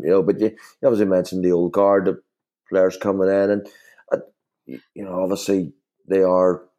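A man with a deep, mellow voice appears as a former footballer guest in a casual podcast chat. He rambles, with many fillers and restarts.

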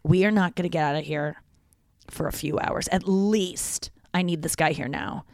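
A young adult host telling a story in casual chat, animated and full of "like" and swearing. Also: mid-range voice, fairly quick, vocal fry, dry recording, studio quality. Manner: animated, chatty, lots of "like" and swearing.

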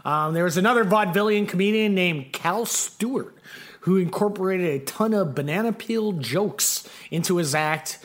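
A man's voice: sits high, normal speed, fairly bright tone. A man co-hosting a podcast in casual chat, rambling with many fillers as he tells a story. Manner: rambling, lots of fillers and restarts. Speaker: podcast co-host.

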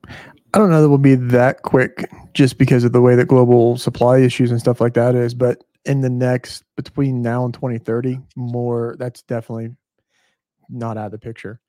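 A man, the show's producer, explaining things in a quick, matter-of-fact way during a casual chat. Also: mid-range voice, little pitch movement, dark tone, no room sound. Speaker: show producer.

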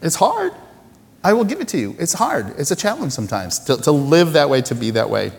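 A male pastor preaching a sermon in a lively, conversational way, poking fun at himself and acting out little voices. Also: mid-range voice, fast, gravelly, long reverb tail.

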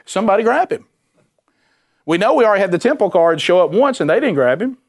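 A man preaching a sermon, animated and emphatic, repeating himself and dropping suddenly to a quiet voice. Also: sits high, rapid-fire. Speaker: pastor.

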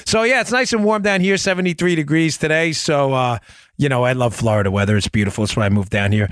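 A man hosting a radio talk show, animated and jokey, with quick asides to his producer. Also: fairly high pitch, dry recording. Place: home studio in Florida.

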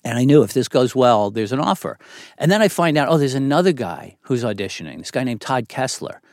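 A man's voice: mid-range voice, big pitch swings, a little fast, darkish tone, no room sound, studio quality. A middle-aged man, a TV writer and producer, telling a long story as a podcast guest. He talks candidly, swears freely and acts out the people he quotes. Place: studio.

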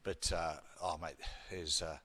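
Laughing Australian bloke telling stories. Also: male voice, sits low, fairly even intonation, measured pace, bright, forceful tone. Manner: laughing storyteller, blokey banter. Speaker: guest radio host. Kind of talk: casual sports chat.

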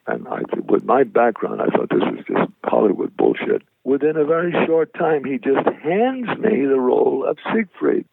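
An older man, an actor, telling lively anecdotes about his career in an interview, acting out the voices of people he quotes. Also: mid-range voice, no echo. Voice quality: gravelly. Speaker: actor guest. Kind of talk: storytelling interview. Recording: dry tinny phone-line radio audio.

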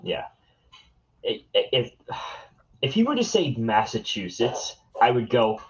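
A man's voice: mid-range voice, sing-song, unhurried, long pauses. A man co-hosting a podcast in casual chat, making dry, blunt remarks. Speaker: podcast co-host. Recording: dull, lo-fi mic.

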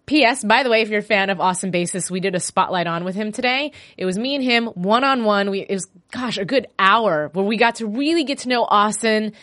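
Woman hosting her show, chatty and animated, dead dry mic, mid pitch. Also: fairly quick, hardly any pauses, no room sound. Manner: chatty and animated, quoting characters in voices. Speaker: host. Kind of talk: casual recap podcast.

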